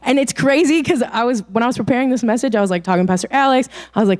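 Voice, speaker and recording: Young woman, youth speaker, light higher voice, chatty informal delivery. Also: racing, hardly any pauses, darkish tone. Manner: chatty and informal, laughs often. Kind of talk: casual youth sermon.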